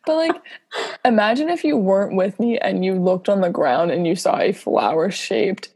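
Young woman, husky voice, casual storytelling, giggly, lots of "like", podcast co-host. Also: medium pitch, lively intonation, moderate pace, warm tone. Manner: chatty, giggly, full of fillers and acted-out quotes.

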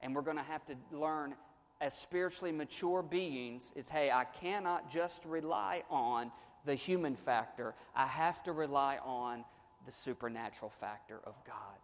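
A man's voice: medium pitch, long reverb tail. A man preaching a sermon, earnest and repetitive, often restarting his phrases as he reads and explains scripture. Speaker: pastor.

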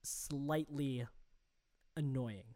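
A man's voice: medium pitch, drawn-out words, mellow. A man co-hosting a casual podcast, arguing his opinions emphatically and swearing freely. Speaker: podcast co-host.

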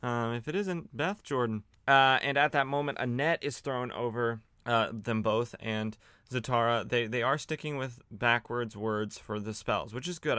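A man's voice: mid-range voice, bright, forceful tone, clear, resonant tone, no echo, clean studio sound. A man hosting a podcast, chatting casually and sardonically as he recaps old comic books, with lots of fillers and restarts. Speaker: podcast host.

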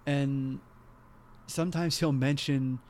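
A man co-hosting a casual podcast, with a voice of ordinary middle pitch. He tells long, rambling stories with lots of energy and breaks into laughter often. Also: takes it slowly. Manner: animated, rambling storytelling with frequent laughs. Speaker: podcast co-host. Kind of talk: casual chat.

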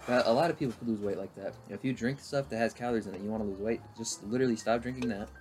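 A young man with a lowish voice rambles through casual podcast chat with friends, swearing freely. Faint music plays softly behind him. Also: rapid-fire. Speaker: podcast co-host.

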